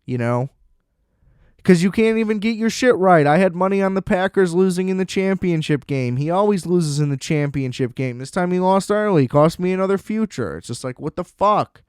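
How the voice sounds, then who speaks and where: Bluntly sarcastic and full of profanity, this podcast host rants about football in a high, animated voice at normal speed. His tone is clean yet darkish, and the audio is a dry, studio-quality recording.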